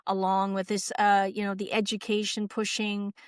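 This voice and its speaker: A woman from Canada speaks as a guest in a casual interview. Her voice is smooth and clear, and the sound is dry and close. She talks in long, rambling runs, leans hard on key words and fills gaps with little verbal fillers. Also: medium pitch, monotone, normal speed, dry recording. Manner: rambling and emphatic, heavy on fillers.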